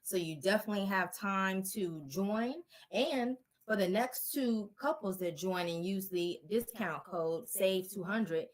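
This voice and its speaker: A woman's voice: mid-range voice, measured pace, few pauses. A woman relationship therapist answering interview questions in an earnest, encouraging, direct way.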